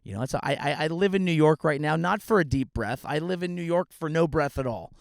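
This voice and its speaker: A man hosting a comedy podcast, delivering a rambling, sarcastic monologue outdoors in a grassy meadow, now and then bursting into shouts. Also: fairly high pitch, a little fast, vocal fry, no room sound, clean studio sound. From California.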